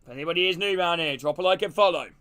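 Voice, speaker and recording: A man streaming a live football watch-along, calling the play and greeting his chat in a casual, excitable way. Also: high-pitched, very fast. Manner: casual, greets chat between plays, gets loud and excited on attacks.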